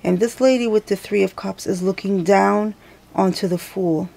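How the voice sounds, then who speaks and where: A woman's voice: medium pitch, fairly even intonation, normal speed, vocal fry, mellow. A woman giving a casual tarot reading to her viewers, chatty and thinking aloud as she goes, often correcting herself. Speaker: tarot reader.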